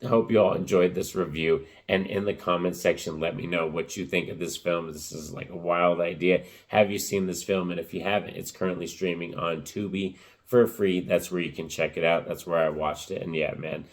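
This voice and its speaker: A man giving a casual spoken movie review, rambling with lots of fillers, his voice cracking and rough. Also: sits low, fairly even intonation, moderate pace.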